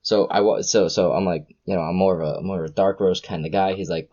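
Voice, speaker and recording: A young man hosting a casual podcast chat, an excitable storyteller who gushes with exclamations. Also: low voice, fast, highs cut off. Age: young adult. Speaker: podcast host.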